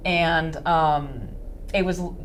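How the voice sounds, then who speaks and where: An actress telling an anecdote in an interview, animated and acting out the dialogue. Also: female voice, sits low, slow, slight background noise. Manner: animated storyteller, acts out dialogue.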